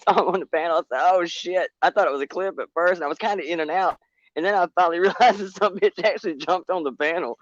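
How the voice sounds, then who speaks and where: A man with an Alabama accent, drawling and cussing freely as a guest in a casual online panel. His pitch swings widely as he talks, and the audio sounds dull and lo-fi. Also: expressive, fast, no room sound. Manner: drawling, profane, laughs at himself.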